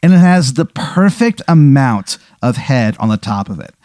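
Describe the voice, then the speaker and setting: Lively, rambling man telling a tabletop story. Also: medium pitch, normal speed, no echo, clean studio sound. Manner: animated, rambling, profane narration. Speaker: game master. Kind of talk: improvised storytelling of a tabletop game.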